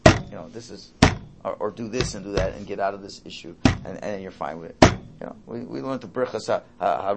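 A man's voice: mid-range voice, creaky, slight background noise. A man, a rabbi, teaching an informal Torah class in a rambling, conversational way full of asides and restarts.

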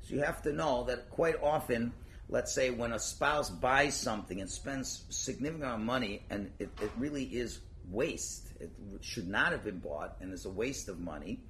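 In this slightly noisy clip, a rabbi with a mid-range voice and moderate pace gives an informal Torah talk. He jokes, stays animated, acts out day-to-day exchanges and disputes, and blends in Hebrew and Yiddish vocabulary.

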